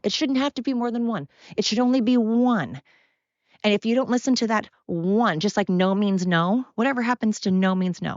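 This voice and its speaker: A woman's voice: medium pitch, no echo. A woman hosting a solo podcast, ranting bluntly and profanely in a heated, repetitive way while walking around outdoors. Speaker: podcast host. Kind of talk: casual opinion rant, solo podcast. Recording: dull, lo-fi, dry sound.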